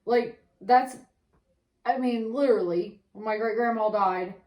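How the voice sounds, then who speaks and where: A woman with a somewhat high voice tells stories bluntly and swears freely in relaxed chat. Her voice rings around an echoey room. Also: unhurried. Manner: blunt, profane storytelling. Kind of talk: casual chat.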